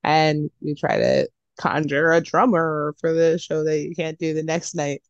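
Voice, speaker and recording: A woman chatting casually on a video call, giggly and animated, swearing freely. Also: low voice, a little slow, dry recording, muffled recording. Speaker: guest musician. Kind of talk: casual podcast chat.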